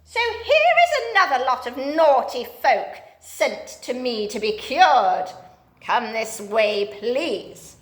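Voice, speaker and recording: A woman voicing a loud, frightening old schoolmistress in a storybook reading. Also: high voice, very animated, slow, reverberant, exaggerated voice. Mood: stern.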